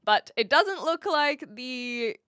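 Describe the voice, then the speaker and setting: A woman's voice: high-pitched, animated, slow, a bit bright, clean tone, no echo. A woman from New Zealand with a mixed New Zealand, Australian and American accent, chatting casually and giggly as a live streamer with lots of fillers. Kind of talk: casual chat.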